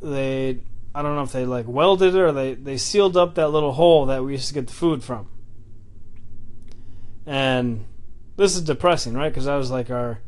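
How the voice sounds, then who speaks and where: A man telling a personal story in a casual, halting way, with many fillers and restarts. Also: medium pitch, a little mellow.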